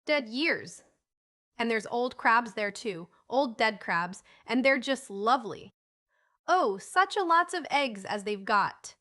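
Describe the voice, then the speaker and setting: An excitable, bossy young boy from a storybook, read by a woman narrator. He speaks in a high, bright, forceful voice and keeps exclaiming and insisting. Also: slow pace, heavily acted. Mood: insistent. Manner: eager, exclaiming, raised voice. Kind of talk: audiobook character reading.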